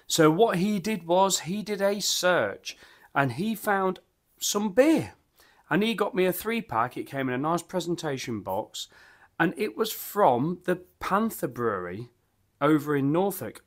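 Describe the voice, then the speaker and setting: A man's voice: fairly high pitch, very animated, unhurried. A man, chatting enthusiastically and rambling as he reviews beer at his home bar. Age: 50s. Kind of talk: casual vlog chat.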